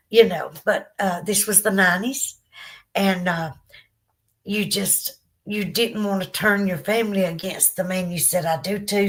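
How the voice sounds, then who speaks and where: Emotional Southern woman telling her story. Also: medium pitch. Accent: Southern American. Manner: candid, emotional, fighting back tears; rambling with frequent fillers. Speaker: podcast host. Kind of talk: live-stream storytelling, reading viewer comments.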